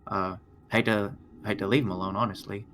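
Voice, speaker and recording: Bright-voiced, hesitant male player. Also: on the low side, fairly even intonation, brisk, slight background noise. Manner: hesitant, stammering. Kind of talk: playing a character in a tabletop game.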